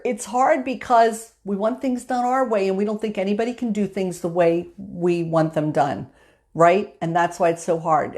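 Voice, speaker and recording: A woman's voice: medium pitch, a little mellow. Chatty woman telling a story. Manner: storytelling, acts out quotes, chatty fillers. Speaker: host. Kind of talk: motivational talk on a live stream.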